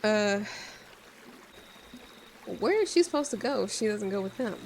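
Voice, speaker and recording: Young woman reading a visual novel out loud, joking around, mid pitch, faint hiss. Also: expressive, unhurried. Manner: casual, joking asides. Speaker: game streamer.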